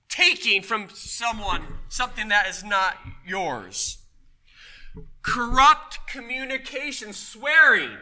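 A man preaching a sermon, telling a personal story with emphatic, loud punches. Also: high voice, sing-song, takes it slowly. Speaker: pastor.

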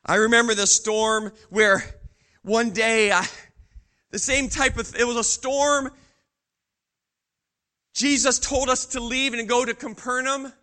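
Guy doing bold proud fisherman peter, bible monologue, goes from hushed to loud and bragging, high bright voice. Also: fairly even intonation, takes it slowly, pauses often, exaggerated voice. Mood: storytelling, urgent. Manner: dramatic swings from hushed awe to loud boasting. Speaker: preacher in character. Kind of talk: first-person dramatic Bible monologue.

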